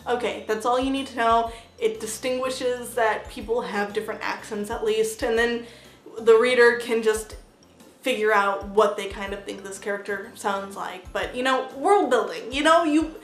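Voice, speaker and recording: A woman's voice: fairly high pitch, normal speed, faint music behind. A woman giving a casual, blunt book review vlog, chatty and full of "like" fillers, swearing freely. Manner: chatty, heavy use of "like" fillers. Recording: roomy echo.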